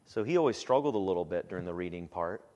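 Male pastor, lower voice, casual teaching talk, reverberant church hall sound. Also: fast talker, dull audio. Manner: relaxed and conversational, with frequent "um"s and animated quoted asides.

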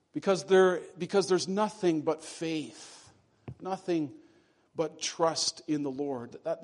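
A man preaching a sermon to his congregation, earnest and deliberate, slowing down and dropping his voice to stress key phrases. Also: on the high side, darkish tone. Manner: earnest preaching, slows and drops for emphasis. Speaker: pastor.

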